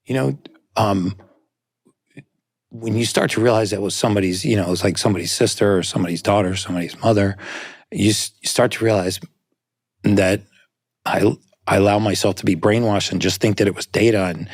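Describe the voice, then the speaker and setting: Low, husky man explaining earnestly. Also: fairly even intonation, a little fast, no echo, studio quality. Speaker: guest. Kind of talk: conversational interview.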